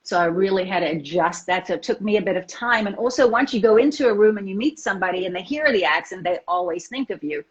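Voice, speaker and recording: A South African woman, an actress, chatting fast in an interview with lots of restarts. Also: medium pitch, expressive. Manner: fast talker, many restarts. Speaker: actress guest. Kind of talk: casual interview chat. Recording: dull lo-fi audio.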